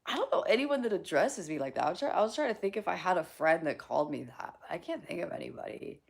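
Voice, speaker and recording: Woman, live streamer, casual chat, gravelly, bouncy intonation, frequent giggles, casual swearing. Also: fairly low pitch, sing-song, quick pace.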